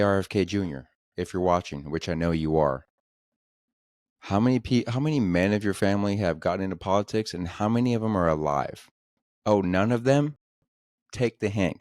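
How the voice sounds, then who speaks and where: Young male podcast host, very low, crude sarcastic rambler, dry room. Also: darkish tone, no room sound. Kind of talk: solo comedy podcast rant.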